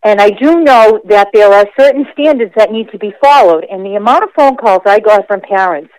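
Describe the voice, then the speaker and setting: A woman school board member calling in to a radio show, speaking earnestly with a slightly gravelly morning voice. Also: mid-range voice, a little fast, darkish tone, no room sound, poor audio. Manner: earnest, emphatic, restarts phrases. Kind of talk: call-in conversation.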